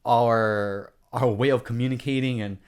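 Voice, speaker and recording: A man's voice: mid-range voice, steady tone, measured pace, a little mellow, clear, resonant tone. A man with a Hawaiian accent telling stories in a casual vlog, earnest and rambling, often restarting and adding asides. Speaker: vlogger.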